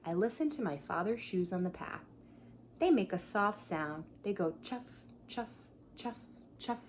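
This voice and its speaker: A woman's voice: fairly low pitch, lively intonation, normal speed, a little hiss or hum. A woman who teaches pre-K, reading a picture book aloud to young children at home, acting out the animal sounds and asking them to join in, sometimes dropping to a whisper. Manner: drops to a whisper at quiet moments. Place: her home, by a coffee table.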